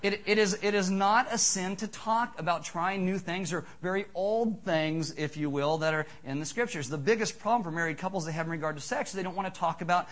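Male pastor, middle-aged, high voice, animated joking sermon delivery. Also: fairly quick, few pauses. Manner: animated, joking, emphatic preaching.

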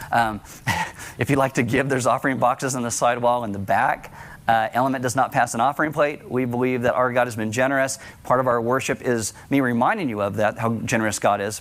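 A man delivering a sermon to his congregation in a relaxed, conversational tone. His voice sits at an ordinary middle pitch, and his talk stays earnest, with the odd light aside. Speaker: pastor. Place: church service.

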